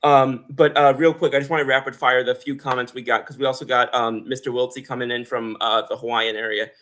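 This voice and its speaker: A man's voice: mid-range voice, little pitch movement, brisk, fairly bright tone. A man co-hosting a casual talk show, reading viewer comments aloud with lots of fillers and jokes. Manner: rambling, filler-heavy, joking. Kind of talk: casual chat.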